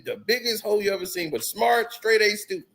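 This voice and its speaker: A man telling stories casually on a podcast, animated and laughing through them. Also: sits high, a little fast, gravelly. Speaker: podcast host. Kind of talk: casual storytelling.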